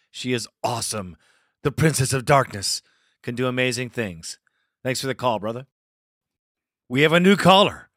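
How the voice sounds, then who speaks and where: A man's voice: medium pitch, bright, forceful tone, no echo, studio quality. A man hosting a fan call-in show, talking in loose, profane, hyped-up banter. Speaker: podcast host.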